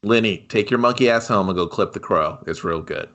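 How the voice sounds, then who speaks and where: A man's voice: fairly low pitch, fairly quick, a bit bright. A man co-hosting a movie review podcast, cracking crude jokes in casual banter. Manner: wisecracking, crude, laughs often. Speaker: podcast co-host.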